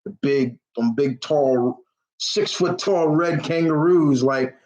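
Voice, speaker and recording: A man's voice: a little high, slow pace, a little mellow, poor audio. A man hosting a live question-and-answer stream, chatting enthusiastically in a rambling way, full of fillers and restarts. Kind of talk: casual rambling chat.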